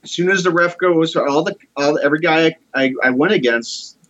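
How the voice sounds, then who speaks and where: A man's voice: a little high, normal speed, a bit bright, muffled recording. A man in his forties earnestly telling a personal story in a casual conversation. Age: 40s. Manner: earnest, heartfelt.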